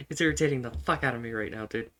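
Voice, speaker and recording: A man's voice: medium pitch, a little fast, fairly bright tone. A man giving casual, swearing commentary while playing a strategy game, repeating himself and laughing often. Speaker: gaming streamer.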